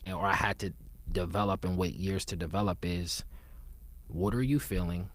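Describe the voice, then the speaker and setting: A man with a very deep voice talks reflectively and conversationally at a moderate pace, his tone steady. He's earnest, often dropping into a soft, low murmur, and grows emphatic when stressing a point.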